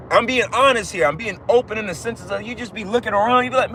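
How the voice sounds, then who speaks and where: A man's voice: high voice, lively intonation, fast, hardly any pauses, pushed and bright, a little hiss or hum, rough recording. A man giving an informal livestream sermon, emphatic and repetitive, swearing casually as he preaches.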